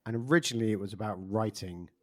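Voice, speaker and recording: A man hosting a relaxed interview with a somewhat low voice. He rambles, restarts his sentences and keeps things conversational. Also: quick pace. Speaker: podcast host. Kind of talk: casual interview chat.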